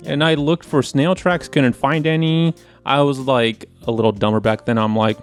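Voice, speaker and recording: A man co-hosting a casual podcast, telling stories in an animated, profane way and acting out his own quotes. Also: medium pitch, moderate pace, hardly any pauses, faint music behind. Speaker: podcast co-host, wine presenter. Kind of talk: casual chat.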